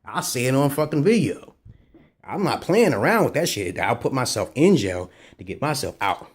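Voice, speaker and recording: Husky, swearing man ranting on a vlog. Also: very animated, moderate pace. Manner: heavy swearing, repeated "right?" and "okay?" asides; agitated, pitch jumping up when worked up. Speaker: vlogger giving dating advice. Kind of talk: rambling profane monologue to camera.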